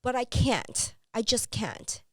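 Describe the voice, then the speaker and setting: A woman, a mother, co-hosting a casual podcast chat, telling stories with animated retellings and frequent swearing. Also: fairly high pitch, takes it slowly, dry recording, clean studio sound. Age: adult with a son. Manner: animated storyteller, swears freely. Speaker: podcast co-host.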